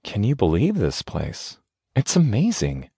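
A man's voice: on the low side, huge pitch swings, measured pace, vocal fry, warm tone, husky, no room sound, studio quality, pitched above the performer's own voice, exaggerated voice. A man narrating an audiobook voices a resentful, nervous young wife who speaks in a clipped way through gritted teeth. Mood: excited.

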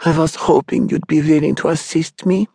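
A man voicing a kind young woman healer in a gentle, raised voice. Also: fairly high pitch, fairly even intonation, normal speed, vocal fry, husky, no room sound, studio quality, pitched above the performer's own voice.

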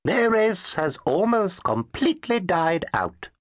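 Tiny twittery old dinosaur scientist, high-pitched and fluttery, storybook reading in a dry booth. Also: male voice, huge pitch swings, normal speed, slightly rough, no echo, heavily acted. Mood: sad. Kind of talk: audiobook character voice. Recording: dry close studio sound.

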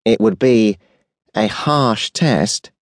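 A man voicing a stern, deliberate male angel. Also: no echo, clean studio sound. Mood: solemn. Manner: slow, deliberate, lowered delivery. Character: stern, measured male angel, impatient judge. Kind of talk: audiobook character voice.

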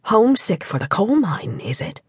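A woman voicing a shy, earnest young Welsh coal miner in an audiobook, speaking quietly and bashfully. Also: medium pitch, sing-song, moderate pace, breathy edge, no room sound, full character voice. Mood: wry.

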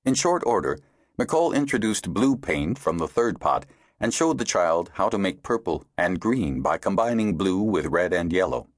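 Deep-voiced man narrating an audiobook. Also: sing-song, dry recording, studio quality. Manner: measured storytelling. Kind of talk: scripted narration.

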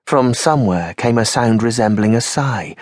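A man reading an audiobook aloud, measured and dramatic, slowing and going quiet on the grave moments. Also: medium pitch, expressive, no room sound, clean studio sound. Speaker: audiobook narrator. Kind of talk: scripted audiobook narration.

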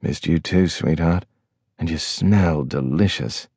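A male narrator voicing a rugged ship captain with quiet authority in an audiobook. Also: moderate pace, no room sound, clean studio sound, lightly acted. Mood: intimate. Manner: quiet authority, low and intimate. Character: rugged older sea captain, calm and commanding. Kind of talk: audiobook character voice.

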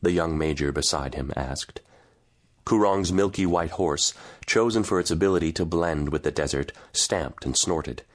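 Male audiobook narrator, deep register, steady grave storytelling. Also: normal speed. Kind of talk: scripted narration.

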